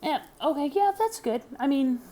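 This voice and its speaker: A woman's voice: sits high, animated, normal speed, warm tone. An American woman vlogging in casual chat, rambling, frank and chatty, hot and sweaty. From United States. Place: indoors in Germany.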